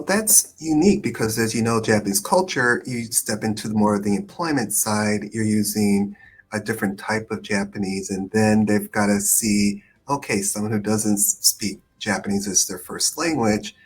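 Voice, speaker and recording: A man hosting a live-stream conversation on immigration, speaking hesitantly with many pauses and fillers over a video call. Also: on the low side, slight background noise. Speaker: immigration attorney, host.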